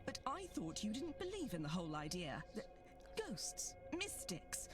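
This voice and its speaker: A woman's voice: on the low side, huge pitch swings, moderate pace, over music. An actress playing an anxious young woman staying at a haunted manor, fretful and pleading. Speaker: game character.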